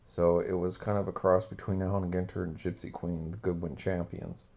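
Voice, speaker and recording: A man's voice: low-pitched, level tone, fairly quick, darkish tone, muffled recording, slight background noise. A man hosting a casual card-opening video, talking in a rambling, laid-back way. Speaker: card-collecting channel host.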